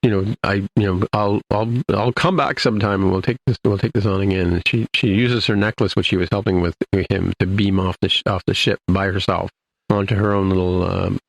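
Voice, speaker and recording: A man's voice: low voice, steady tone, fairly quick, creaky. A man co-hosting a podcast, casually recapping an episode in a rambling way, full of restarts and "you know". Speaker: podcast co-host.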